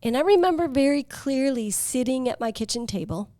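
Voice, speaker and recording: A woman in her fifties, hosting a podcast, telling her life story in an earnest, reflective way with pauses and fillers. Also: high voice, lively intonation, mellow, no room sound, clean studio sound. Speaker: podcast host. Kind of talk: personal storytelling.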